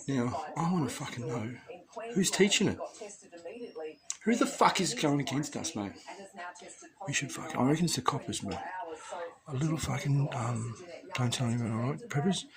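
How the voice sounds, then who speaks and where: A man's voice: mid-range voice, expressive, moderate pace, pauses often, crowd noise. An Australian man giving a rambling, profane rant to his viewers, full of swearing and conspiratorial asides. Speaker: vlogger addressing preppers.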